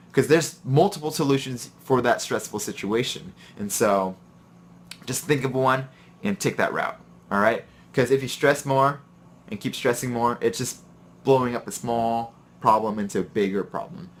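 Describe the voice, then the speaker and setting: A man's voice: medium pitch, a bit bright. Chatty man sharing kitchen stories. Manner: chatty, rambling, gives pep-talk advice. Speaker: chef and vlog host. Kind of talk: casual storytelling and advice vlog.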